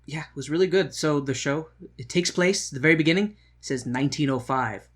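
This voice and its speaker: A man co-hosting a podcast reacts to a musical in casual conversation, joking, laughing often and tossing in sarcastic asides. His voice is a little high and fairly bright, with a breathy edge and a brisk pace.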